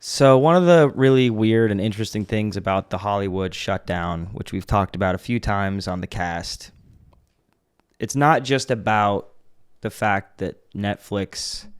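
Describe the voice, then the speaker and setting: A man's voice: fairly low pitch, clean tone. A man co-hosting a podcast in casual chat, swearing freely and joking, his family from Canada. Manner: profane, jokey, animated when riffing. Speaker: podcast co-host.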